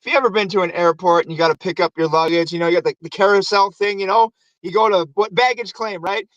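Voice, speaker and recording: A man with a high voice tells a movie's story in a loose, animated way, swearing freely and acting out bits of the lines. The recording is dry, with a slightly muffled top end. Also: quick pace, no room sound. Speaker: host. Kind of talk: casual movie recap.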